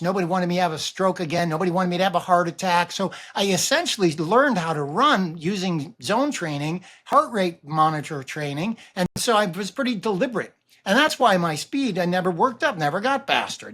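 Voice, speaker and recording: A man in his sixties who runs a running vlog, talking casually and rambling to camera, with animated swings and frequent restarts. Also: fairly high pitch. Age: 60s. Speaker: running vlogger.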